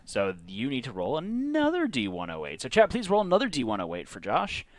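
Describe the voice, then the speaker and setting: A man's voice: mid-range voice, a little fast, no echo. A man co-hosting a streamed board game night, reading event cards aloud and teasing his friend in casual chat. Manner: lively, reads rules aloud, teasing.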